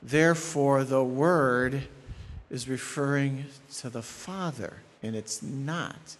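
A man's voice: mid-range voice, slow pace, long reverb tail, slight background noise. A man preaching an expository sermon as pastor, emphatic, repeating key phrases and checking in with his listeners.

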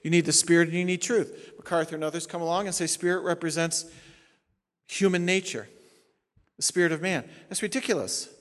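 A man's voice: fairly high pitch, a little fast. A male pastor teaching a sermon, explaining Greek grammar point by point with emphatic stresses. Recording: long hall reverb.

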